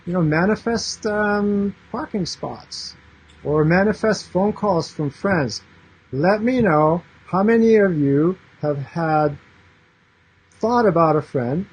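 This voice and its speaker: Man, 30s, husky, casual vlog talk, earnest, fillers and restarts. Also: fairly high pitch, low-quality recording. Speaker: yoga and meditation teacher.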